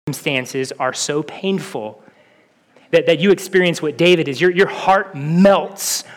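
A man delivers an earnest sermon from a church sanctuary, his voice pitched high and carried by a long hall reverb. He presses the room with repeated rhetorical questions and stumbles through quick restarts. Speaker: pastor.

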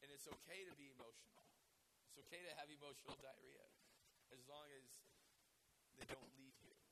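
A hoarse man with a raspy voice preaching a sermon, emotional and given to repeating words as he starts a phrase. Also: mid-range voice, steady tone, brisk, noisy background. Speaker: pastor.

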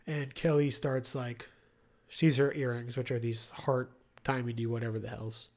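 A podcast co-host recaps a TV episode in casual chat, sounding joking and offhand and leaning on lots of fillers. His voice is medium-pitched and somewhat dark, with a level tone and normal speed.

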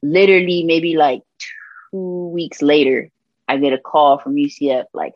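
A woman from Puerto Rico, a gospel rapper sharing her testimony as an interview guest, telling stories in lively slang and acting out the people she quotes. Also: low-pitched, normal speed, no echo, highs cut off. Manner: animated storytelling with slang and voiced quotes. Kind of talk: candid conversational testimony.

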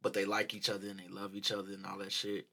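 A man co-hosting a casual chat, animated and profane, laughing often and acting out quotes. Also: deep voice, fast talker, vocal fry.

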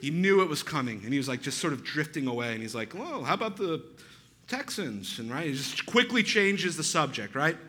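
A man's voice: on the high side, expressive, fast, hardly any pauses, bright, forceful tone. A male pastor telling a story in a sermon, chatty and self-deprecating, with frequent "right?" asides.

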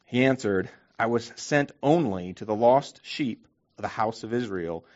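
A man delivers a sermon as pastor, his voice sitting at an ordinary middle pitch. He preaches earnestly and with emphasis, repeating words as he restarts his phrases. The recording sounds dull and lo-fi. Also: a little slow, darkish tone.

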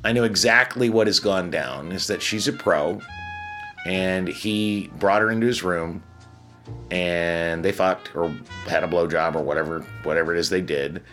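A man's voice: low-pitched, moderate pace, fairly bright tone, soft background music. A man from Chicago, a casino hotel security manager, telling a story bluntly and profanely, with frequent restarts. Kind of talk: casual storytelling.

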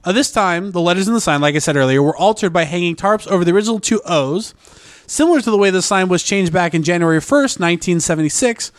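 A man's voice: sits high, dry recording, clean studio sound. A man co-hosting a podcast, reading a news article aloud with stumbles and joking asides. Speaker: podcast co-host. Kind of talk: casual podcast chat.

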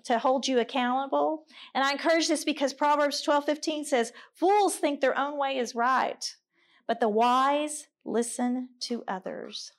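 A middle-aged woman giving a candid, earnest talk to a women's gathering, mixing personal stories with scripture readings. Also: sits high. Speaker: women's ministry speaker. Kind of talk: conversational sermon with scripture reading.

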